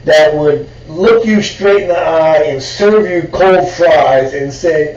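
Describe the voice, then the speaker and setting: A man's voice: a little high, slow, a little mellow, echoey room, recorded from a distance, dull audio. A man co-hosting a podcast, chatting casually and adding dry, wry remarks and short reactions. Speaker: podcast co-host. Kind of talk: casual chat.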